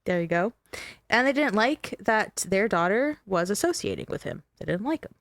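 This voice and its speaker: A woman's voice: medium pitch, lively intonation, normal speed, no room sound, clean studio sound. A woman hosting a podcast, telling a true-crime story in a chatty, joking, emphatic way. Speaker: podcast host.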